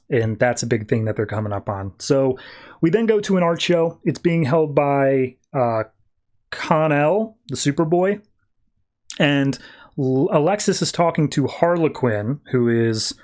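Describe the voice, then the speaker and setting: A male podcast host with a mid-range voice talks through a comic book story in a relaxed, rambling way. He leans on "like" and "uh" as he goes, loose and unscripted. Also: medium pitch. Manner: loose and rambling, heavy on "like" and "uh" fillers. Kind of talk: casual comic book recap.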